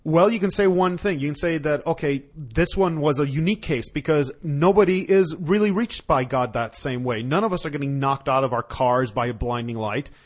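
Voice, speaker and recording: Higher-voiced man arguing on a talk show. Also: moderate pace, hardly any pauses. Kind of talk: theological radio discussion.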